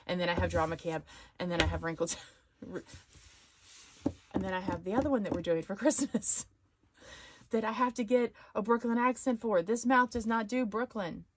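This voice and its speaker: A woman hosting a casual live stream, chatting and rambling as she thinks out loud. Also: mid-range voice, dry recording. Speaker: live-stream host of a sewing channel.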